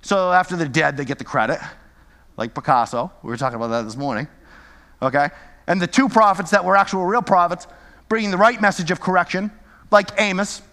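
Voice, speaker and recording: A high-pitched man delivers a lively, conversational sermon and keeps checking in with his listeners. His voice carries a long hall reverb, as if he is speaking in a large space. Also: brisk. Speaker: Bible teacher.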